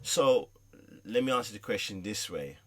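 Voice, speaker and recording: A man speaking as a guest in a casual conversation, explaining his ideas emphatically, with a husky voice. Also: fairly low pitch, lively intonation, normal speed, a bit bright. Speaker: guest, parenting consultant.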